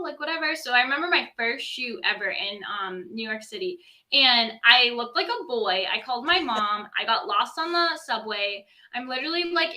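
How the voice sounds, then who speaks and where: A young woman chats as a podcast guest, her voice high and bright. She tells stories in an animated rush, scattering "like" through every sentence. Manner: animated storytelling, many "like" fillers. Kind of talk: casual interview chat.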